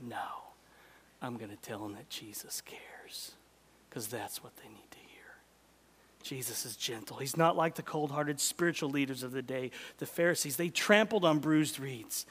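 Male pastor, high voice, sermon delivery with big dynamic swings between whispers and emphatic peaks. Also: husky. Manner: swings from loud emphatic preaching to hushed near-whispers.

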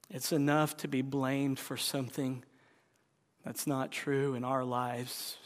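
A man preaching a sermon, his voice swelling to loud pleading and dropping to hushed whispers. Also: medium pitch. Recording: long hall reverb.

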